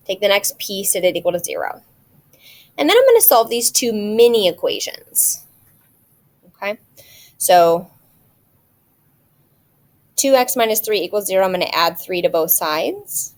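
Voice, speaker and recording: Woman, math teacher, video lesson, patient, step-by-step, mid-pitched.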